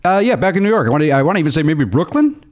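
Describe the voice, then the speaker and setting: Quick, lively-voiced jokey man. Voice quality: animated, jokey, quick delivery with sudden high pitch jumps. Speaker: podcast host. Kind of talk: casual chat.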